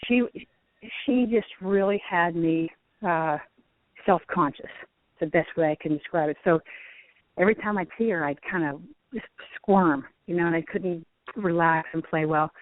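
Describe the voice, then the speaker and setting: A middle-aged woman, a former tour golfer who now teaches, telling stories in a lively way with frequent laughs. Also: deep voice, no echo. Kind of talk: phone interview storytelling. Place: outdoors at a driving range. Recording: tinny phone line, dry.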